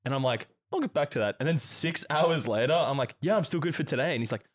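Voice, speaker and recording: A man's voice: on the high side, animated. A man co-hosting a podcast in casual chat, telling stories and quoting people in put-on voices. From Australia. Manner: fast-talking storyteller, quotes people in put-on voices. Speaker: podcast co-host.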